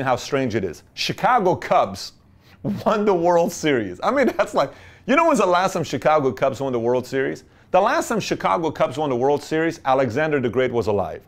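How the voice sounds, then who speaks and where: A man giving business advice in a motivational talk, emphatic and full of rhetorical questions and playful sarcasm. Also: medium pitch.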